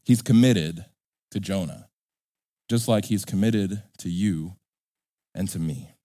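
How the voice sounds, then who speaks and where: A pastor preaching a sermon in an animated, joking way, acting out characters. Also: male voice, sits low, slow pace, dry recording, studio quality.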